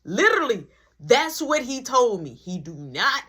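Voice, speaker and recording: A young adult woman telling a story in a storytime vlog, slangy and animated, acting out every part. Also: fairly high pitch, unhurried, husky.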